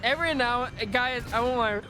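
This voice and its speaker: Giddy tipsy high-voiced woman streamer. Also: moderate pace. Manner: giddy, laughing, shouting, rambling. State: drunk and hiccuping. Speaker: gaming streamer. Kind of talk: drunk gaming stream clip. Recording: loud background music over clip.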